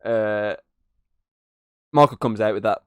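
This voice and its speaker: A man's voice: lowish voice, slow, clear, resonant tone, dry recording, studio quality. A man hosting a podcast, reviewing a movie in casual chat, swearing freely and laughing at scenes. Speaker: podcast host.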